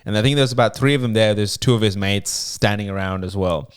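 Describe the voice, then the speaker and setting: This is a young man in casual podcast chat. His pitch sits a little low, and he talks at a rapid clip. His manner is blunt, with plenty of swearing and laughter. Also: clean tone. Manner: fast, blunt, swears freely, laughs often. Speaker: podcast co-host.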